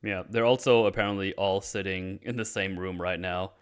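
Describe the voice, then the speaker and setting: A man from Germany chatting casually as podcast host, retelling a film plot and acting out the dialogue in quick voices with casual swearing. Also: low-pitched, fairly even intonation, clear, resonant tone.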